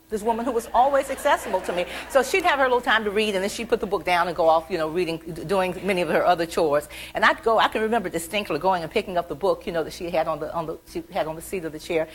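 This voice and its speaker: A middle-aged woman from the American South, an author telling animated stories about her childhood at a library event. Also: on the low side, quick pace, hardly any pauses, slight background noise, low-quality recording. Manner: chatty, animated, acts out childhood quotes. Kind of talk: storytelling talk.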